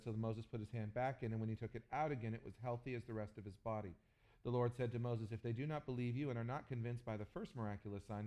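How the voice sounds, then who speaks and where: A man preaching a sermon, telling stories with humor and jumping to loud, animated bursts. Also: fairly low pitch. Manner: animated storytelling with jokes and sudden loud bursts. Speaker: pastor.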